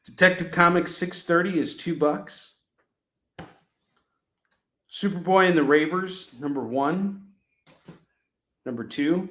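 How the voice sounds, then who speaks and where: A man hosting a casual live shopping stream, pitching comic books with rambling jokes and laughing at himself. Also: slow pace, long pauses, bright, forceful tone, echoey room. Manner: jokey, rambling, laughs at his own jokes.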